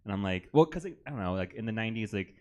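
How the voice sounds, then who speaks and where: A man with a low-pitched voice chats as a guest on a talk show, rambling through stories about pop music and his gigs. His sentences wander and trail off, broken by easy laughter. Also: lively intonation, rapid-fire, a little mellow. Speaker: guest, drag performer. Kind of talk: casual chat.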